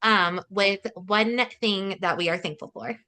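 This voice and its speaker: A woman with a bright, clear voice co-hosting a casual podcast. She talks in an earnest, warm way, stopping often on small fillers as she collects her thoughts. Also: mid-range voice, unhurried. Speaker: podcast co-host. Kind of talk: casual chat.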